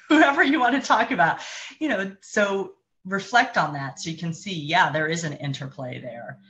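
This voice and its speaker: A woman's voice: deep voice, a bit bright. A woman speaking as a parenting coach in a live-streamed advice talk, conversational and thinking aloud with frequent restarts.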